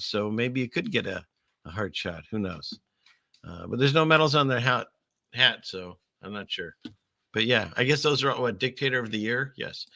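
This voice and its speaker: Bright-voiced joking male host. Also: mid-range voice, creaky, dry recording, clean studio sound. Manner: rambling, joking, sarcastic asides. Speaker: show host. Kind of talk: casual news commentary.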